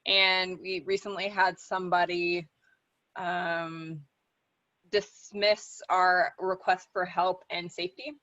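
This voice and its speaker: A woman in a video meeting speaking hesitantly, with halting phrases and fillers. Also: fairly low pitch, little pitch movement, pushed and bright, no room sound, highs cut off. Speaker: meeting participant.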